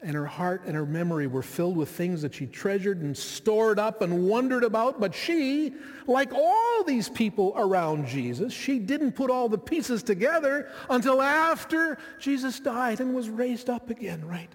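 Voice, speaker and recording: Male preacher, high-pitched, conversational and reflective, recorded in a reverberant hall. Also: big pitch swings, moderate pace. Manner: reflective, conversational, with frequent asides to the listeners. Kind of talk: sermon.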